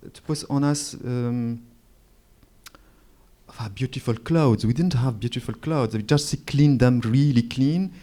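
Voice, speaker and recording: Slow-spoken man in his forties. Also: medium pitch, mellow. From Morocco. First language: Moroccan Arabic. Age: 40s. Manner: searching for words, frequent restarts and pauses. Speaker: author speaking at a literary event. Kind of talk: reflective storytelling on stage.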